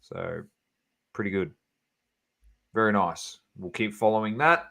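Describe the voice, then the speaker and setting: A man co-hosts a casual sports podcast, reading out results in a low-pitched voice. He talks with many fillers and quips. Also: animated, measured pace, pushed and bright. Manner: rattles off scores with fillers and banter. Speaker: podcast co-host.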